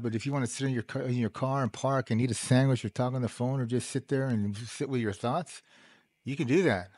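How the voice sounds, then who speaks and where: A middle-aged man talking casually, telling a personal story in a rambling, animated way with frequent laughs. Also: medium pitch, no echo. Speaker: host. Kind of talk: casual monologue.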